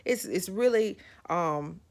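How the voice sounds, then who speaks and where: A woman hosting a podcast, telling a personal story to her listeners in an animated way, repeating phrases for emphasis. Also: fairly low pitch, slow pace, creaky. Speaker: podcast host.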